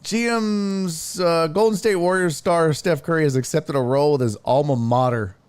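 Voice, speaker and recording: A man's voice: a little high, normal speed, smooth. A man hosting a casual sports show, ranting and rambling with lots of swearing. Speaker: sports podcast host.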